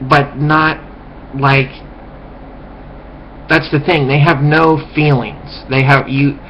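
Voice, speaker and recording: A man's voice: a little high, little pitch movement, slow pace. A man in a rambling, contemptuous rant to camera, full of restarts and swearing. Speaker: vlogger. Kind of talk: ranting monologue. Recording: dull lo-fi recording with faint hiss.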